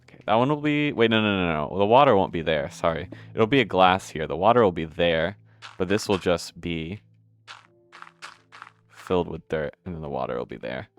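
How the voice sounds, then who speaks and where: A man's voice: sits low, lively intonation, normal speed, soft background music. A young man giving casual, rambling gameplay commentary, hiccuping now and then, correcting himself and swearing offhand. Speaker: gameplay video host.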